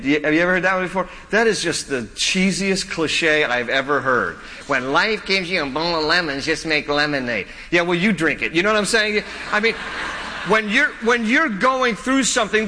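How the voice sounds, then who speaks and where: A man's voice: high voice, bright, forceful tone, big-room sound. A man preaching a sermon, earnest and pleading, rising to urgent questions, then teaching in a conversational way. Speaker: pastor.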